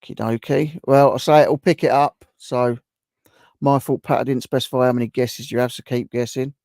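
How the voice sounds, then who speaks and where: A man's voice: mid-range voice, steady tone, normal speed, a little mellow, no echo, clean studio sound. A man hosting a live stream, chatting casually and reacting to viewers' guesses as he reads their comments aloud.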